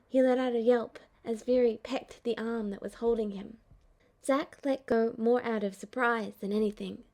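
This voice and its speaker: A woman narrating a fan-fiction audiobook in a measured, even storytelling manner. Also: on the high side. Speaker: audiobook reader.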